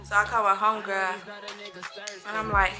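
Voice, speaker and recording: A young woman vlogger telling a personal story in a casual, animated way, acting out what people said. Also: medium pitch, moderate pace, over music, rough recording. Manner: animated, dramatic retelling that acts out quoted voices.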